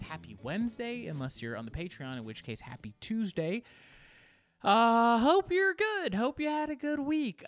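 A man's voice: medium pitch, no echo, studio quality. Rambling, swearing podcast host man. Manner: rambling, self-deprecating, swears freely. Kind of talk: casual solo podcast monologue.

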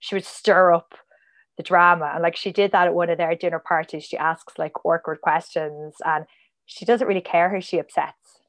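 A woman's voice: fairly low pitch, steady tone, normal speed. A woman guest on a casual podcast, chatty and rambling, full of "like" and side tangents.

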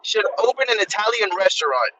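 A man's voice: sits high, sing-song, a little fast, pushed and bright, a little hiss or hum, poor audio. A man calling in to a podcast from his car, joking around and stumbling when put on the spot. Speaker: caller joining while driving. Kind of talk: casual podcast banter.

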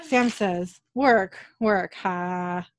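A woman's voice: mid-range voice, extremely slow, no room sound. Woman casually recapping a tv episode, reads the lines out, dry close mic. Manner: animated retelling, quoting characters in her own voice. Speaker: podcast host recapping an episode.

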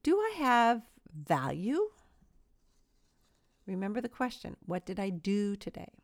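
A woman's voice: mid-range voice, wildly swooping pitch, unhurried, no echo, studio quality. A middle-aged woman giving an earnest, self-deprecating devotional talk, full of small stories from home. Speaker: Christian speaker.

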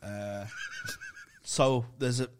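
A man's voice: mid-range voice, fairly even intonation, extremely slow, clear, resonant tone. Man telling sweary stories. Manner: sweary, rambling anecdotal storytelling. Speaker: comedian guest. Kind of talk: casual podcast chat.

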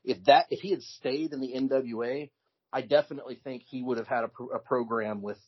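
A man talks casually as a podcast co-host in a husky voice, in relaxed storytelling with frequent restarts. The sound is dull and lo-fi. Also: mid-range voice, a little fast. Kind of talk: casual chat. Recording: dull lo-fi recording.

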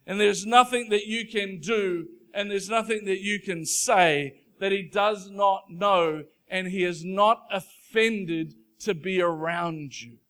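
Fervent, high-voiced male preacher. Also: bright, forceful tone. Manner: earnest, emphatic preaching that swells into fervent declaration; reads scripture slowly and deliberately. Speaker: pastor. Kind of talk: sermon.

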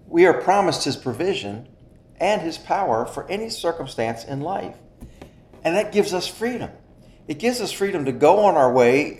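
A man preaching a sermon in an earnest style, stressing key phrases slowly. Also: mid-range voice, darkish tone. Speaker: pastor. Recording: echoey room.

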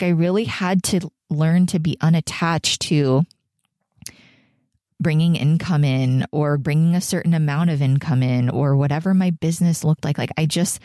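Podcast host, woman in her 30s, pregnant, low voice, candid and meandering, dry close mic. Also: a little mellow, no room sound. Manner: candid, emotional, rambling with many fillers. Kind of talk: reflective solo podcast.

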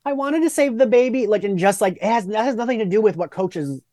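A podcast co-host in casual chat, talking in a quick, expressive way. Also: medium pitch, no room sound, clean studio sound.

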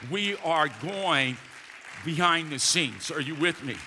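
A man's voice: fairly high pitch, slow pace, crowd noise, background noise. A middle-aged man, a pastor preaching a sermon, emphatic and calling for responses from the congregation. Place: church sanctuary. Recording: long reverb of a large hall.

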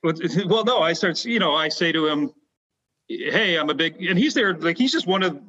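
A man's voice: high-pitched, a little fast, highs cut off. A Canadian man, a former basketball player, telling stories as a podcast guest and acting out the voices of the people in them, with plenty of fillers. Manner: animated storyteller, acts out quoted voices, frequent fillers. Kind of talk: casual storytelling interview.

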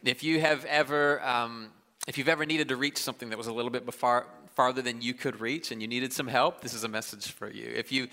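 A man in his thirties preaching a sermon in a large church, conversational and self-deprecating, with quick asides and restarts. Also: mid-range voice, steady tone, bright, forceful tone. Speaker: pastor. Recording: live church hall with long reverb.

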